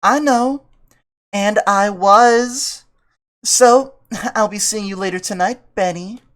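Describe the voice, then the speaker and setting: A menacing young gator woman from a game, slow and loud with a raised, threatening edge, as a man puts her on in a higher voice. She drags her words out and leans hard on each threat. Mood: teasing.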